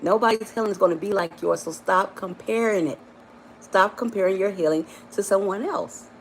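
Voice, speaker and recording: A woman's voice: normal speed, a little hiss or hum. Emphatic woman coach calling listeners baby. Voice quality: warm, affectionate, calls listeners baby and honey. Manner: emphatic and repetitive, rising to high exclamations. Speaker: life coach. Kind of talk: live-stream motivational talk.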